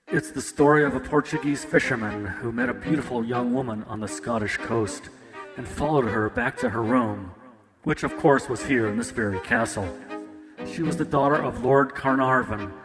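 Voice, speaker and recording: Man playing a dashing ghost-story teller, slow, ominous, middle pitch, echoey reverb, guitar music. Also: natural voice. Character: dashing foreign storyteller telling a ghost tale.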